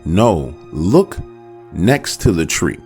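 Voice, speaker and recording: A man voicing his worried male work partner, who warns in a low, urgent voice. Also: very animated, drawn-out words, a little mellow, soft background music, heavily acted. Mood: urgent whisper. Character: uneasy male work partner sensing danger.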